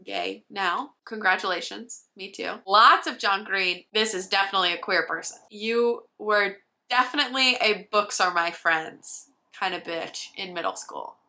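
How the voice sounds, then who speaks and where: Brief: young woman vlogger, bright forceful voice, playful roast-style commentary. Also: medium pitch, normal speed. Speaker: book vlogger. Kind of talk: casual comedic commentary.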